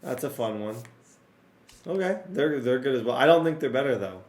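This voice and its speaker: Excitable gaming streamer, strained voice. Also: male voice, mid-range voice, moderate pace, reverberant. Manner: excitable, talks to viewers, rattles off player names. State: voice strained and cracking. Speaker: gaming YouTuber. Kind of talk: casual gameplay commentary.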